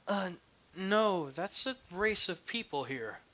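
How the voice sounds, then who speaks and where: A man's voice: high voice, lively intonation, takes it slowly, sharp tone, voice pushed up, full character voice. A man voicing a playful, coy young goddess in a fan-made audio story, speaking in a fond, teasing way. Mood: curious.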